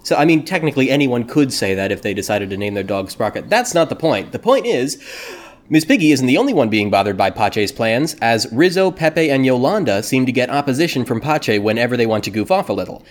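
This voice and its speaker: A man hosting a casual podcast discussion, talking in a playful, jokey way. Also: medium pitch. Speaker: podcast host.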